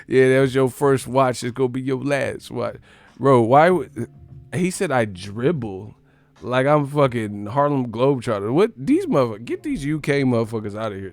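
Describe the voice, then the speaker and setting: A man's voice: mid-range voice, expressive, a little slow, no echo. A man hosting a live stream, giving crude, mocking commentary as he reacts to chat and often breaks into laughter.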